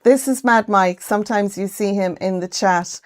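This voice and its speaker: An Irish woman chats on a craft livestream in a relaxed, friendly way. She greets viewers by name. Her voice sits at a middling pitch for a woman. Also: moderate pace. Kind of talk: casual live-stream chat. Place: home craft room.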